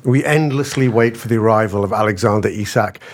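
A man's voice: on the low side, a little fast. A man hosting a casual football podcast. He chats, corrects himself and laughs often. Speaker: podcast host.

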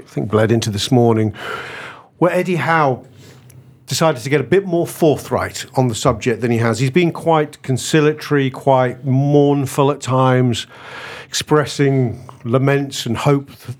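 A man's voice: medium pitch, darkish tone. A man hosting a casual football podcast. He chats, corrects himself and laughs often. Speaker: podcast host.

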